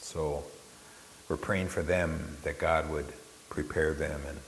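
A man preaching a sermon with impassioned swings in pitch and loudness, often repeating words as he restarts a phrase. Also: little pitch movement, takes it slowly. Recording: echoey hall with faint hiss.

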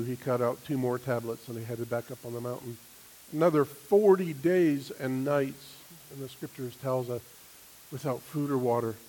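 Male preacher, middle-pitched, animated storyteller, slight hiss on the recording. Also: poor audio. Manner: animated storytelling, laughing, acting out quoted voices. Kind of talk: sermon with personal story.

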